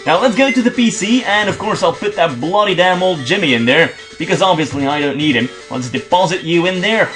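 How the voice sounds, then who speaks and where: A man's voice: on the high side, lively intonation, brisk, fairly bright tone. Young belgian guy doing a let's play, cursing at the game, voice jumps all over, faint game music behind. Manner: swears and grumbles at the game. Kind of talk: casual game commentary.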